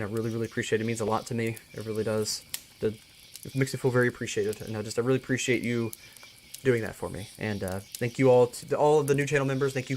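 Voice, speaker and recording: A man's voice: medium pitch, darkish tone, a little hiss or hum. A man hosting a live stream, closing it in an earnest, thankful way and often restarting his words. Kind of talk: casual live-stream sign-off.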